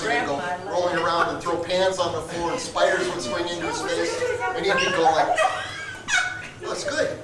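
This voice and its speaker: Chatty guy at a party, a bit far from the mic, echoey room. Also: a little high. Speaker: guest at a birthday gathering. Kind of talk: casual anecdote telling. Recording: echoey hall from far off with crowd.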